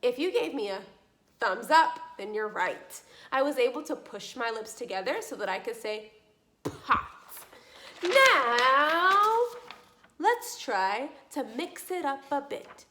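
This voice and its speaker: A young adult woman giving a children's speech lesson, speaking slowly and clearly with encouraging questions. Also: a little high. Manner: slow, clearly articulated, encouraging teacher talk with lively questions. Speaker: speech therapy teacher.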